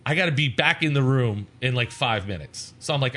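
A man's voice: medium pitch, brisk. A man co-hosting a podcast, telling a story in casual chat and acting out the people in it. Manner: animated, acts out quotes in voices. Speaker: podcast co-host.

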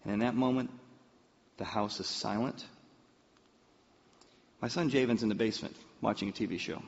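A man preaching a sermon, telling a personal story in an animated way. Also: lowish voice, normal speed, creaky. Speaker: pastor. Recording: muffled sound in a reverberant hall.

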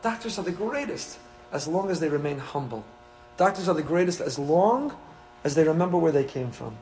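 A man's voice: fairly high pitch, expressive, brisk, darkish tone, slight background noise, low-quality recording. A man, a rabbi giving a Torah class to his congregation, mixing Hebrew terms into English.

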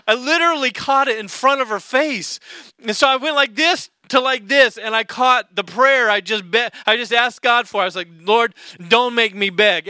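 A middle-aged male pastor with a very high, bright voice delivers a lively sermon story. He slips into voices of the people he describes. The sound is clear and smooth, close and dry with no room around it. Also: dry recording. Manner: animated, acts out voices in his story.

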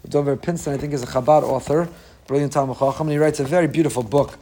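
Animated man giving a Torah class. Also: racing. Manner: animated, acts out quoted voices with rising pitch. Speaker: rabbi.

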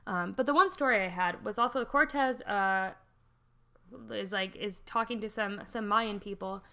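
A woman hosting a podcast, telling history as a casual, animated story, swearing freely and laughing often. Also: medium pitch, moderate pace, clean tone. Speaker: podcast host.

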